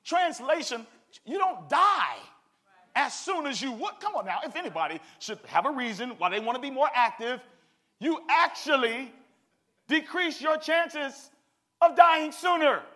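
A man pastor preaching an animated sermon with call-and-response. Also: very high-pitched, unhurried.

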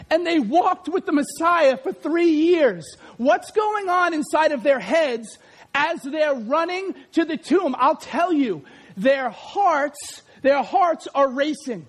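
A male pastor with a very high voice delivers a lively sermon. He acts out scenes and raises his voice to a shout at the peaks. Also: measured pace. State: out of breath after acted run.

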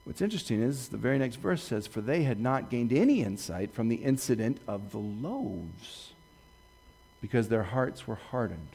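A man preaching a sermon, retelling Bible stories with lively swings from hushed quoting to excited bursts. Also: medium pitch, vocal fry, breathy edge. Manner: animated storytelling, jumping from hushed to excited; quotes scripture slowly and softly. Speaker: pastor.

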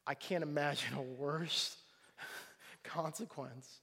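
A middle-aged male pastor preaching a sermon, animated and acting out the voices of people in the story. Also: high-pitched, moderate pace. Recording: long hall reverb.

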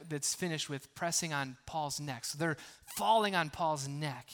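A man pastor preaching a sermon in a conversational way, with frequent restarts and playful asides, moving between hushed, near-whispered lines and loud, emphatic bursts. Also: a little high. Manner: playful humor between earnest points.

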